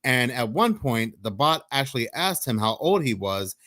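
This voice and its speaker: Male news commentator, mid pitch, plain read of articles and chat logs, dry close recording. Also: very animated, moderate pace, fairly bright tone, dry recording.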